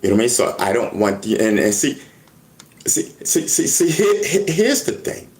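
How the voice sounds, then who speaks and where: A man talks through hip hop news on a live stream, his pitch swooping up and down as he goes. He rambles, stumbles over repeated words and addresses his chat directly. He sounds close to a desk mic at his computer. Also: very animated, moderate pace, darkish tone, low-quality recording. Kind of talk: casual live-stream commentary.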